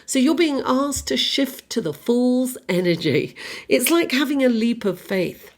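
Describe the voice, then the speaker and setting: Chatty and rambling, this tarot reader peppers her casual reading with "you know" and "right?", coughs now and then from feeling slightly unwell, and speaks with a non-American accent. Her high-sitting voice has lively intonation and a measured pace.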